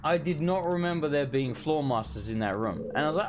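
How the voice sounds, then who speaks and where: A man's voice: medium pitch, fairly quick. A young man streaming a blind let's play, talking to himself as he gets lost and frustrated, swearing often. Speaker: gaming streamer. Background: game music.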